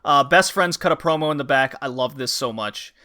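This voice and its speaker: A man's voice: medium pitch, fairly quick. A man hosting a podcast, recapping wrestling episodes in casual chat and acting out wrestlers' lines. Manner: animated, acts out wrestlers' lines in put-on voices. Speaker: podcast host.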